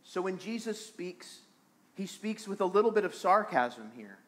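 A man's voice: high voice, sing-song, moderate pace, a little hiss or hum. A man preaching a sermon as pastor of a small church, earnest and repeating phrases for emphasis.

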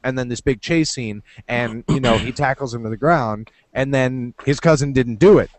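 A man co-hosting a casual podcast, telling things in an animated, jokey way. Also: medium pitch, normal speed, slight background noise. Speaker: podcast co-host.

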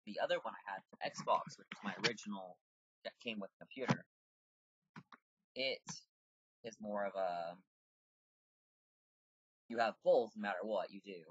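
A man with a deep voice giving casual, rambling commentary while playing a video game and chatting to the characters. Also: normal speed, pauses often, fairly bright tone, slightly rough, no room sound, muffled recording.

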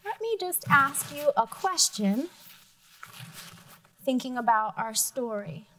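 Slow, expressive woman reading to young kids. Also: sits high. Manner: slow, expressive storybook reading with voiced characters. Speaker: teacher. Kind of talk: reading a picture book aloud in a math lesson.

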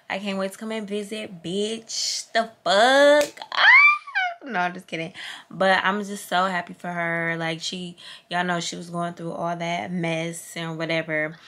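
Candid, profane woman vlogger talking slowly. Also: medium pitch, fairly bright tone. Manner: candid and profane, drawling and loose. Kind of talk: casual vlog chat.

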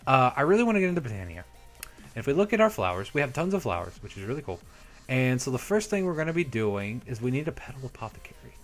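Young male let's-play host, chatty and upbeat, mid-pitched, faint music underneath. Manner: chatty, upbeat, talks to viewers while playing. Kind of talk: casual gameplay commentary. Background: soft background music.

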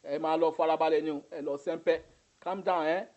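A man with a Nigerian accent playing a smooth-talking immigration agent who brushes off an angry client. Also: fairly high pitch, steady tone, fast talker, a little mellow, lo-fi sound, close to an everyday voice. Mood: soothing evasive. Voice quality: brushes off, pidgin-tinged.

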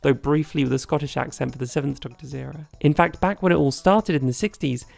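A man's voice: a little high, fast, vocal fry, a little mellow. A man narrating a scripted video essay in a chatty, wry, opinionated way.

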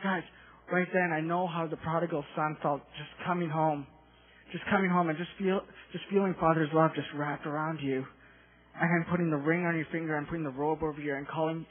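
A young man giving an emotional personal testimony at a live church conference, earnest and repetitive, building in intensity. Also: high voice. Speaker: youth testimony speaker. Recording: tinny, phone-like live recording.

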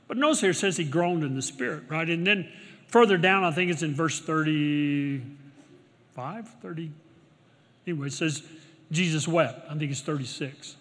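Older pastor preaching in a reverberant church. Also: male voice, a little high, moderate pace. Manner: preaching with big swings from shouts to hushed murmurs. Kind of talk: sermon. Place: church sanctuary. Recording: long hall reverb in a church.

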